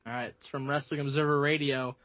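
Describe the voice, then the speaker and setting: A man's voice: medium pitch, flat delivery, fast, fairly bright tone, no room sound, lo-fi sound. A man co-hosting a wrestling podcast, blunt and sarcastic, ready to argue. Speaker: podcast co-host. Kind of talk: casual profane wrestling banter.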